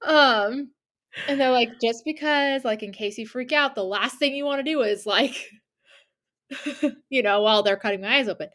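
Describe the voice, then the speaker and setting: A young woman with a fairly high voice chats on a podcast. She tells a long story and acts out everyone in it, slipping into their voices. Plenty of fillers, and she laughs often. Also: moderate pace. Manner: animated retelling with quoted voices and laughter. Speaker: podcast co-host. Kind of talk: casual chat, storytelling.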